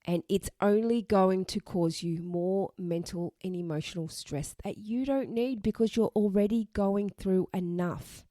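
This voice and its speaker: A woman's voice: medium pitch, unhurried, few pauses, dark tone, dry recording, studio quality. A woman hosting a podcast, giving blunt, emphatic advice and repeating her points for emphasis. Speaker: podcast host.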